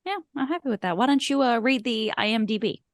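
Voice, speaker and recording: Speaking fast in a slightly high voice, this thirty-something woman co-hosts a film podcast and rambles through casual chat, full of fillers and self-mocking asides. The sound is clean studio audio without any echo.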